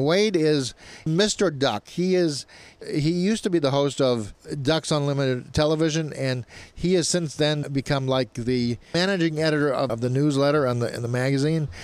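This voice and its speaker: Playful radio host man, higher voice. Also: clear, resonant tone, no room sound. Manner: playful, jokey, laughs at own jokes. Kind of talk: joking radio talk show intro.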